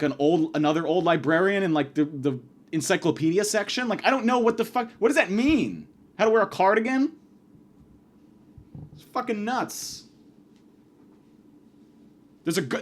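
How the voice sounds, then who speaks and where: A man's voice: high voice, fairly bright tone. A young man ranting in a profane, exasperated comedy monologue. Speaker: podcast host. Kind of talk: comedic rant.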